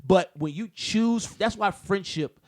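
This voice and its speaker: A man co-hosting a casual podcast chat, who talks in animated rants and breaks into loud shouting bursts. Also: high voice, unhurried. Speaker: podcast co-host.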